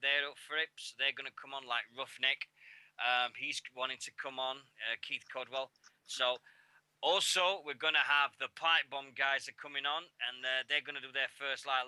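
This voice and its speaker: A man's voice: medium pitch, pushed and bright, clear, resonant tone, no echo. A man with a Yorkshire accent co-hosting a radio show, talking in casual, rambling, jokey banter. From Yorkshire, England.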